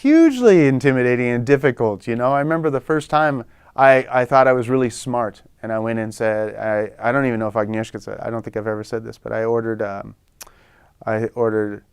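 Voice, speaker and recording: A middle-aged American man, a guest, telling stories in a relaxed, chatty way and acting out the voices he quotes. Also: mid-range voice, brisk, smooth, dry recording, clean studio sound. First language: English. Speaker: guest, photographer. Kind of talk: relaxed conversational storytelling.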